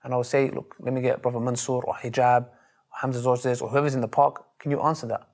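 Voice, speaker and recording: A man, telling stories in an interview in a lively, emphatic way and acting out the voices he quotes. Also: medium pitch, fast talker. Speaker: Muslim preacher interviewed. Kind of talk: animated storytelling in an interview.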